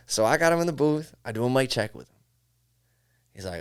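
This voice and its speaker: A man's voice: mid-range voice, fairly quick, pauses often, clear, resonant tone. A music engineer from upstate New York, a man, chatting casually as a podcast guest and acting out studio conversations as he tells them. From Syracuse, New York. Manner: animated storyteller, acts out studio dialogue, says bro a lot. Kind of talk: casual interview chat.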